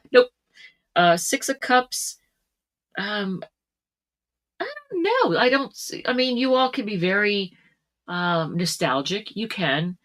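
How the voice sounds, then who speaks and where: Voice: medium pitch, slow, pauses often, fairly bright tone. Chatty, laughing tarot reader. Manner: chatty, laughs often, many "like" and "um" fillers. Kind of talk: casual tarot reading to camera.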